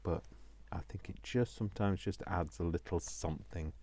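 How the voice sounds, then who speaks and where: While building a craft project, a British vlogger keeps up a casual running commentary to himself, full of self-deprecating jokes. His voice is low, darkish, and slightly rough, at a normal speed.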